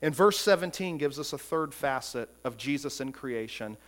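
A man's voice: medium pitch, animated, moderate pace, fairly bright tone. A man preaching a sermon as pastor, emphatic and full of rhetorical questions, often repeating words as he goes.

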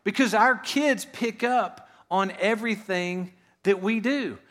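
A pastor with a slightly high voice slowly delivers a sermon to his church. His style is plain and conversational, with rhetorical questions and a quiet drop at the ends of his phrases.

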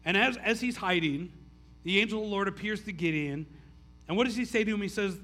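A man's voice: high-pitched, fairly quick, pushed and bright. A man preaching a conversational sermon, often restarting phrases and saying "like" as he retells the story. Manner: casual, stammering restarts, frequent "like". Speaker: pastor.

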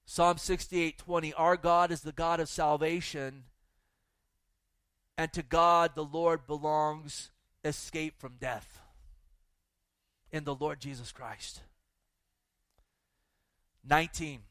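A man's voice: fairly high pitch, fairly even intonation, slow, pauses often, fairly bright tone, smooth, no echo. A male pastor preaching a fervent sermon to a church audience, exhorting the listeners and reading scripture. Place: church with a live and online audience.

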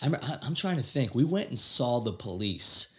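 A man who is a guest on a podcast, chatting casually and telling stories in an excitable way. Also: mid-range voice, normal speed. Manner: excitable, laughing storyteller, says dude a lot. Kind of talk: casual chat.

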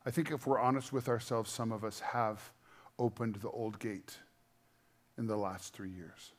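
A middle-aged man preaching a sermon as pastor, earnest and conversational, shifting between quiet, intimate moments and louder emphasis. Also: fairly low pitch, fairly even intonation, normal speed.

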